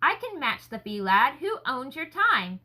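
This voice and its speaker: A woman voicing an earnest, enthusiastic gentleman scholar in a story reading, speaking effusively. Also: sits high, very animated, a little slow, exaggerated voice, poor audio. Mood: eager.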